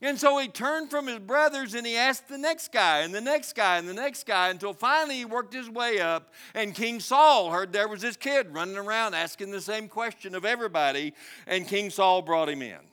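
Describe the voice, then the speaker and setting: Dramatic preaching man, lively voice. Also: high voice, normal speed. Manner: dramatic storytelling, swinging between loud and hushed. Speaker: pastor. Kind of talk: sermon.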